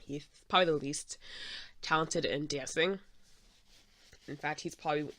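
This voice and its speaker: A woman's voice: low-pitched, steady tone, moderate pace, a bit bright, dry recording. A woman hosting a podcast in a casual, meandering chat while she draws, with lots of "um" and "like". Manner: chatty, meandering, full of "um" and "like". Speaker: podcast host.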